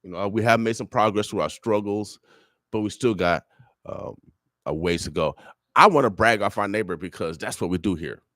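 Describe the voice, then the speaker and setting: A man's voice: fairly low pitch, moderate pace, fairly bright tone, no echo, studio quality. A man giving a fiery, preacher-like radio monologue full of repeated phrases. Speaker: radio show guest speaker.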